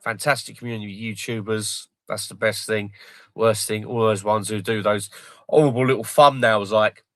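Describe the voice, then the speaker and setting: A man hosting a casual livestream, joking, swearing and excitedly retelling film scenes. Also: lowish voice, moderate pace, no echo. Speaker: livestream host.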